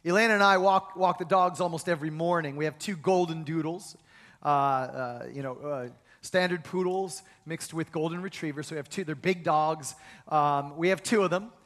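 A middle-aged man preaching a sermon as pastor, telling stories animatedly and sinking to a soft hush at times. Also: moderate pace. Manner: animated storytelling with big pitch swings, dropping to a soft hush for comforting lines. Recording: long reverb of a large hall.

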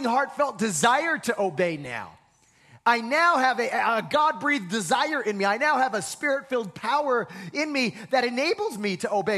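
A man preaching in a church with a notably high voice. His tone is bright and forceful, and he drives each point home with repetition. He keeps calling on the congregation to answer him. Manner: emphatic, repeats words, asks the congregation to respond. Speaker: pastor. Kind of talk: sermon.

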